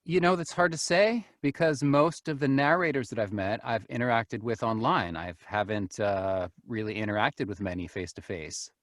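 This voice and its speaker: A man's voice: mid-range voice, normal speed, few pauses, a bit bright, no echo, clean studio sound. A man chatting casually as an interview guest, easygoing and laughing often, with lots of "you know", over a video call. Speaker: guest, narrator and group admin.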